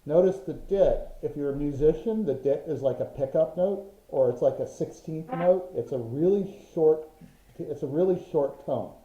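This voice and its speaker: A man's voice: a little high, moderate pace, mellow. A man teaching a Morse code class online, patiently explaining and sounding out rhythms. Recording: roomy, dull lo-fi sound.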